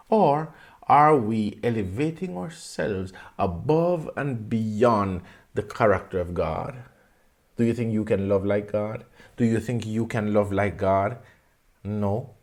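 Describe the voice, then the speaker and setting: A man's voice: medium pitch, a little mellow. A man preaching a sermon with passion, asking his listeners pointed rhetorical questions and repeating phrases for emphasis.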